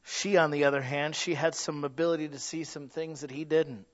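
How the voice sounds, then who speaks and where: A male pastor delivering a sermon, dropping to hushed low lines and building to loud peaks, acting out quoted voices as he tells stories. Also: fairly even intonation, fairly quick. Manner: acts out quoted voices in storytelling. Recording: dull lo-fi recording.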